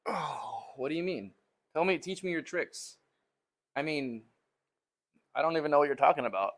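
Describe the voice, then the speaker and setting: A man's voice: on the high side, expressive, normal speed. A man chats casually on a live stream while he trains in a home gym. He teases a viewer in a joking way, laughing and sighing between lifts as he catches his breath. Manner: joking, teasing banter with a viewer, laughs and sighs. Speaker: fitness streamer.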